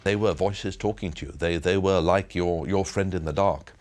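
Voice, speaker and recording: A man's voice: sits low, normal speed, a little mellow, soft background music. A former broadcasting executive, a man, speaking reflectively in an interview, building his points in repeated steps.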